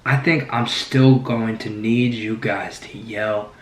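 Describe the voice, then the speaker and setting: A man with a hoarse voice, hosting his own channel and rambling excitedly about his team. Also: on the low side, slow pace, roomy sound. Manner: rambling, excited, restarts sentences often. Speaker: sports fan channel host. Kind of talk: casual sports vlog commentary. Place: indoor room, sitting down.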